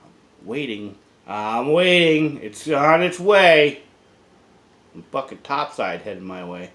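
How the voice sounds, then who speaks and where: A man's voice: mid-range voice, slow. Rambling, swearing male vlogger. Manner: rambling, relaxed, swears casually, drops to a mutter. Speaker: vlogger reviewing beer and vape juice. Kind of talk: casual review vlog.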